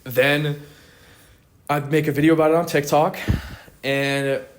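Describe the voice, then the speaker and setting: A man's voice: fairly high pitch, flat delivery, unhurried. An eighteen-year-old man, a podcast guest, chatting casually in slang with lots of swearing and fillers. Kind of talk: casual chat.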